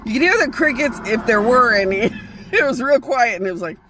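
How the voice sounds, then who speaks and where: A woman's voice: on the high side, lively intonation, a little fast, background noise. A woman vlogging a casual, rambling monologue, profane and often breaking off to restart her sentences.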